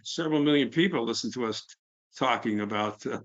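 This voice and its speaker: Middle-aged man, mid-pitched, easygoing presenter, slightly muffled audio. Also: brisk. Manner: conversational, fillers, quotes others. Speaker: nonprofit founder. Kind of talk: webinar presentation.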